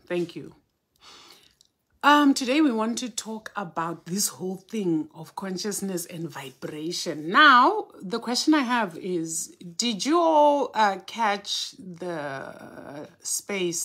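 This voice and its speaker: Woman, spiritual teacher on a live stream, bright voice and slow delivery, greets her viewers by name. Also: lowish voice, lively intonation, husky. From Southern Africa.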